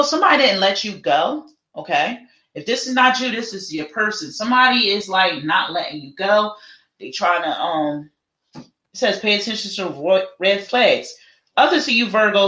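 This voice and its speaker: Chatty, dramatic tarot reader, bright voice. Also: mid-range voice, sing-song, normal speed. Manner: chatty, dramatic, calls listeners honey and child. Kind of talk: live tarot reading, casual chat to viewers. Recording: roomy echo.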